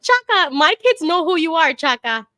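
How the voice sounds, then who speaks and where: A woman in her thirties with a New York Puerto Rican accent hosts a casual livestream from home, chatty and quick to laugh as she reads comments aloud. Her voice is very high and sharp, with big pitch swings. The studio-quality audio has no echo.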